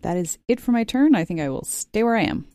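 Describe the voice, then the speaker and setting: A woman's voice: medium pitch, lively intonation, a little fast, dark tone, no room sound, studio quality. A woman playing a tabletop game, methodically checking the rules before each move. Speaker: player.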